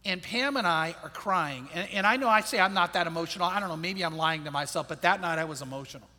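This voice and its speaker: A middle-aged man, a pastor, tells a personal story with earnest reflection, his high tone and bright, forceful timbre softening at heavy moments. The sound rings out with a long reverb, as in a big hall. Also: quick pace. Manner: earnest, reflective storyteller, voice drops low and soft at sad moments.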